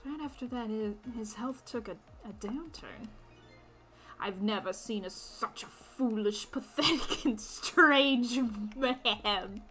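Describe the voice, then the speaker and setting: A woman's voice: on the high side, unhurried, fairly bright tone, faint music behind. A woman streamer chatting casually over gameplay, laughing and correcting herself. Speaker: game streamer.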